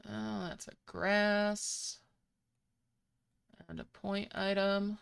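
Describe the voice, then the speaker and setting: Slow, smooth-voiced woman chatting while gaming. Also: mid-range voice, steady tone. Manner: chatty, musing aloud while playing. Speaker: mobile game streamer. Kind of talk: casual gameplay commentary. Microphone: desk microphone.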